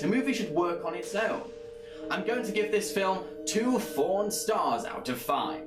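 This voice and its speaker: A man's voice: sits high, expressive, measured pace, loud music behind the voice. A man narrating a scripted review, opinionated and critical. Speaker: anime reviewer.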